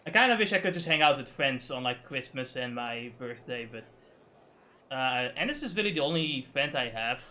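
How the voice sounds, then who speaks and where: A man's voice: medium pitch, lively intonation, moderate pace. Profane ranting young man. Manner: profane, ranting, swings from loud to muttering. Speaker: streamer. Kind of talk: casual venting on a game stream.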